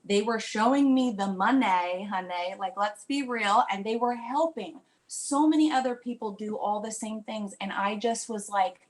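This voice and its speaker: Gushing, excited woman giving a testimonial. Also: medium pitch, moderate pace, hardly any pauses. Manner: gushing, breathless enthusiasm. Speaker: new team member giving a testimonial. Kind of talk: emotional testimonial on a group call.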